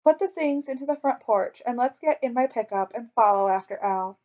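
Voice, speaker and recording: A woman reading the part of a calm, steady father in a storybook, giving him a lowered, even voice. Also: brisk, natural voice. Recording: dull lo-fi recording.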